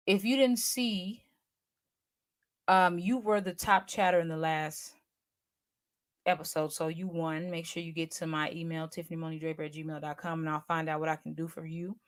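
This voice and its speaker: A woman in her forties with a deep voice hosts a casual livestream, speaking at normal speed with fairly even intonation. She's chatty and slangy, teasing her viewers and addressing them directly.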